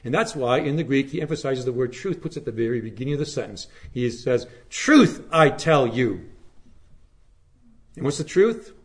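A male pastor delivering a slow, emphatic sermon, letting his phrases fall to a hush at the ends. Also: mid-range voice. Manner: slow, emphatic preaching with hushed, falling phrase endings.

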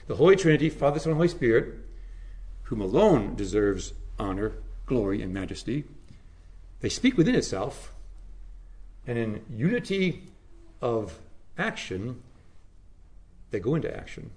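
A man preaching a sermon, with dramatic emphasis that drops to low, hushed phrases. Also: sing-song, moderate pace, pauses often.

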